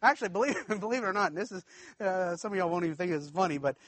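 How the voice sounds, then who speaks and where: High, bright-voiced man preaching folksy stories. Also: rapid-fire, no room sound. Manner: folksy, chuckling, addresses the congregation directly. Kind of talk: storytelling sermon.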